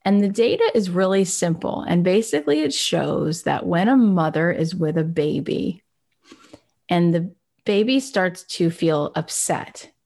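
Candid woman with a gravelly voice. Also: lowish voice, expressive, a little slow, darkish tone. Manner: candid and reflective. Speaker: speaker. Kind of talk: personal motivational talk.

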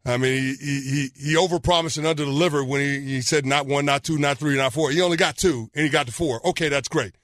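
A man's voice: on the high side, quick pace, few pauses, fairly bright tone, dry recording, studio quality. A man co-hosting a sports talk show, arguing his points emphatically with stumbling restarts. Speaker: sports radio co-host.

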